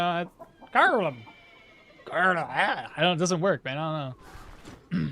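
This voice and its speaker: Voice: mid-range voice, fairly bright tone. A gameplay streamer giving casual commentary, chatting with viewers, reading out chat and laughing at their own jokes.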